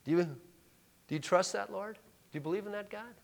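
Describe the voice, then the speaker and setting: A male pastor preaching a sermon, emphatic and full of rhetorical questions, dropping to a hush and then rising loud. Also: high-pitched, normal speed, gravelly.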